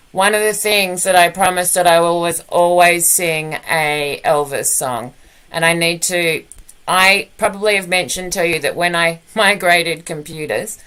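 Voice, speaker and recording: A woman's voice: medium pitch, bright, forceful tone, clean tone. A woman with an Australian accent chatting playfully between songs on a live stream from home, laughing often. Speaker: live-stream host and performer.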